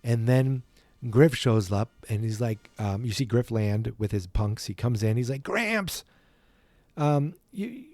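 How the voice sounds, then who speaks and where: A man's voice: fairly low pitch, fairly even intonation, normal speed, dark tone, dry recording, soft background music. A man hosting a podcast, casually retelling a film from memory in a rambling, playful way that often corrects itself. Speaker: podcast host.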